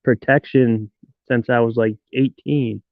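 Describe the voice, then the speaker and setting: A man's voice: mid-range voice, fairly even intonation, a little slow, vocal fry, no room sound. A man from Detroit hosting a live stream, joking and rambling as he teases his viewers. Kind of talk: casual live-stream chat. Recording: tinny phone-like sound, dry.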